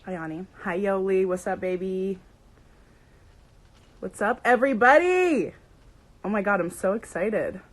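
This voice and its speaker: A woman's voice: medium pitch, little pitch movement, normal speed, few pauses, a little mellow, low-quality recording. A young woman hosting a casual livestream, bubbly and playful, greeting viewers by name. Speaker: livestream host.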